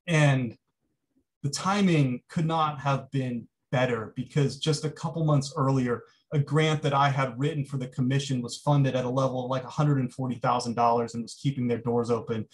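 A man's voice: mid-range voice, steady tone, moderate pace. A man giving a keynote talk, telling an anecdote in a conversational way with frequent restarts. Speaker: keynote speaker. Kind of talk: storytelling lecture.

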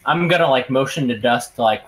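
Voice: mid-range voice, a little fast. Jokey player, mid-range voice, casual. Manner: playful, jokey. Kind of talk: casual chat.

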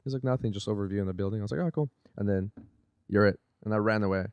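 A man's voice: fairly low pitch, rapid-fire, a little mellow, smooth, no echo, dull audio. A man telling a story in casual chat as a podcast guest, acting out the quotes with animation.

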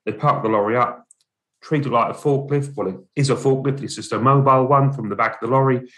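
An English man co-hosting a podcast in casual chat. His voice sits at a middle pitch, and he talks in short, plain, down-to-earth remarks. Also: fairly even intonation, fast, fairly bright tone. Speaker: podcast co-host.

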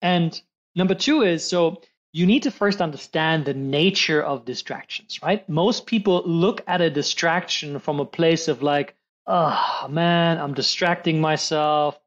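A man speaking as a high-performance coach in a gentle coaching conversation. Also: measured pace, muffled recording. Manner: gentle, acts out quoted voices.

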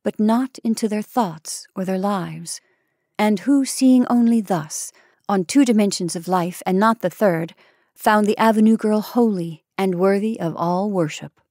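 Brief: woman narrator, mid pitch, measured storytelling, dry close recording. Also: darkish tone, no echo. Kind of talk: storytelling reading.

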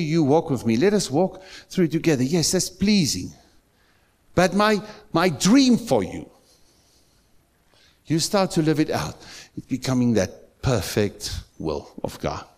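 A man's voice: medium pitch, a little mellow. A man with a South African accent preaching a sermon in a church, emphatic, repeating phrases and asking the congregation questions. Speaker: pastor.

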